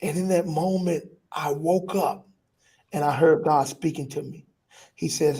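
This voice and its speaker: A middle-aged pastor telling a personal testimony in a vivid, animated way, in casual vernacular with repeated phrases. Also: male voice, fairly high pitch, a little slow, breathy edge. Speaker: pastor, guest.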